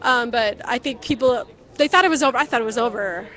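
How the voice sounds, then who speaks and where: A young woman livestreaming outdoors at a night protest from a handheld phone, talking casually to viewers and often shouting out. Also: fairly high pitch, quick pace. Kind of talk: live street commentary.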